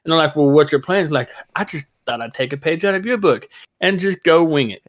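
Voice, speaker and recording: A man hosting a casual fan podcast, talking in an excitable, rambling way and laughing easily. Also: a little high, a little fast. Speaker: podcast host.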